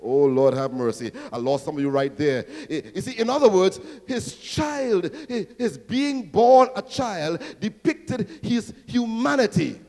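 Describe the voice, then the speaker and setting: A man preaching a rousing sermon as pastor, swelling to near-shouting and calling out questions to the congregation. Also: sits high, sing-song, a little slow, few pauses, big-room sound. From Trinidad and Tobago. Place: large church hall.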